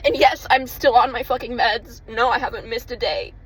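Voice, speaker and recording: A woman's voice: on the high side, moderate pace, a bit bright, a little hiss or hum, poor audio. A woman talking in a casual confessional vlog, emotional and rambling, swearing freely as she searches for words. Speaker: vlogger.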